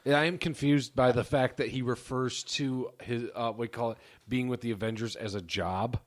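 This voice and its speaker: A young man talking on a casual podcast in a plain mid-pitched voice. He is laid-back and hesitant, leaning on fillers as he goes. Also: fairly even intonation, moderate pace. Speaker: podcast co-host. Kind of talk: casual chat.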